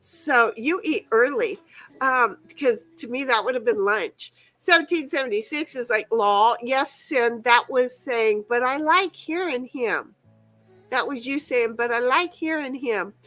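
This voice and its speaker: A woman's voice: a little high, animated, unhurried, sharp tone, soft background music, rough recording. A woman hosting a game stream in casual chat, rambling and playful, laughing and swearing freely. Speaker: streamer host.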